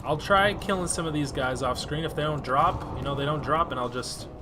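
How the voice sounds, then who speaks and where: A man's voice: fairly high pitch, a little fast, background noise. A man chatting casually over his gameplay as a let's-play host, easily exasperated and swearing freely. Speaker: gaming video host.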